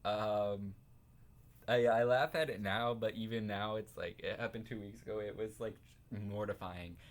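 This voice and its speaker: A young man in a casual storytime vlog, talking in an animated, self-consciously dramatic way, laughing often and saying like a lot. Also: lowish voice, moderate pace. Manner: filler-heavy, says like a lot. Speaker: vlogger.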